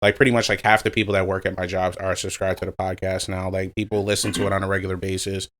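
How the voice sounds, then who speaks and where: A man's voice: deep voice, flat delivery, fast, a bit bright, slight background noise. A man co-hosting a casual podcast, talking in an easygoing, rambling way with many filler words. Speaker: podcast co-host.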